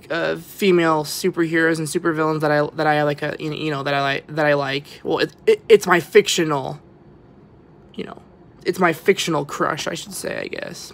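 A young vlogger touring an exhibit gives rambling, stammering walkthrough commentary, often dropping to a whisper. The voice is mid-range and gravelly.

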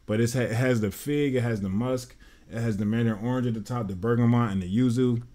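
A man's voice: medium pitch, fast, warm tone. Casting note: American man, fragrance vlogger, gushing and rambly, mid-range voice. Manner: enthusiastic, rambling, says "man" and "y'all" often. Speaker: fragrance reviewer. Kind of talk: casual review vlog.

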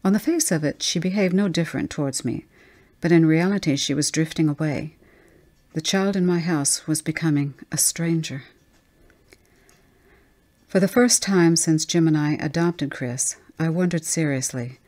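A woman reading a ghost story aloud as an audiobook narrator, measured and tense. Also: low-pitched, darkish tone.

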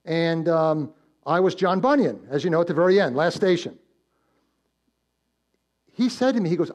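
A man preaching a sermon as pastor, swinging between loud emphatic build-ups and hushed low warnings, telling stories and posing questions to the congregation. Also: lively intonation, moderate pace, pauses often. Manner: storytelling with direct questions to the congregation. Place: church.

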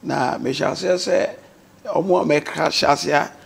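A Ghanaian man recounts his past as a talk show guest, his voice gravelly and husky. He sits a little high for a man and speaks with an earnest, steady storytelling pull. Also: moderate pace. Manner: earnest storytelling, mixing English words into his speech.

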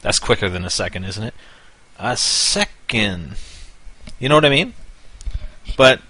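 A man's voice: lowish voice, animated, fairly quick, bright, forceful tone. A man hosting casual gaming commentary, rambling and hyper, winding himself up into a half-joking rant. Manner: rambling, mock-ranting, wound up. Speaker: gaming channel host.

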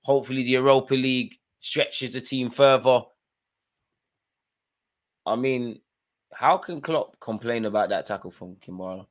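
A man hosting a live football watchalong, reacting loudly to the match with slangy banter and urging players on. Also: medium pitch, a little slow, long pauses. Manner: excitable, shouts at players, slangy.

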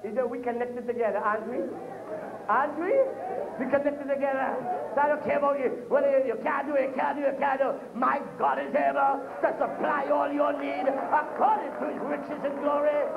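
Male preacher, high-pitched and fervent, full of amens; echoey, phone-thin church recording. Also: little pitch movement, brisk, creaky, hardly any pauses, phone-quality sound, a crowd in the background, noisy background. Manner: fervent, punctuated with frequent amens. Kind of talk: sermon.

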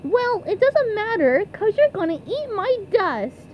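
A woman voicing a cheerful young male sea sponge fry cook in a cartoon fan dub. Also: a little slow, highs cut off, slight background noise, full character voice. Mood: earnest. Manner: excitable, shrill whoops.

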